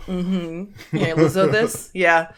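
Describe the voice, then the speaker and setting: A woman co-hosting a podcast, chatting casually and telling animated stories with quoted voices and frequent laughter. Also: on the low side, slow pace. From United States. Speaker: podcast co-host. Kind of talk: casual chat.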